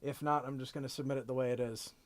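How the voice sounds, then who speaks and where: A man's voice: mid-range voice, steady tone, fast talker. A man live-streaming a card game, casually thinking aloud with playful jokey asides. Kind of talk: casual gameplay commentary.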